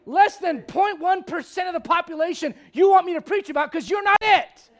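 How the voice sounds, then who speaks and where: A male pastor delivers a blunt, confrontational sermon in a very high-pitched voice at normal speed, lurching from loud outbursts to hushed intensity.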